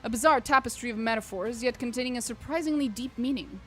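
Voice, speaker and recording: A woman's voice: on the high side, fast, fairly bright tone, close to an everyday voice. A woman reading the lines of a precise male machine-priest with clinical, formal phrasing, over faint game music.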